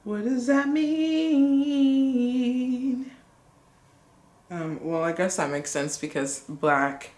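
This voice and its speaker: Excitable woman vlogger with a low, slightly gravelly voice, recorded in an echoey room. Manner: excitable, gushing. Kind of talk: casual vlog, reading results aloud.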